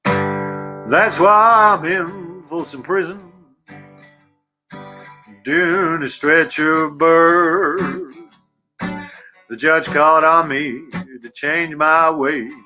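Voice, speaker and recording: Male guitarist-comic: high voice, sweary punk delivery, guitar behind. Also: extremely slow, long pauses. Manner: sweary comic punk singing with shouted lines. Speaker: musician guest. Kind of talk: casual chat and comic sung performance.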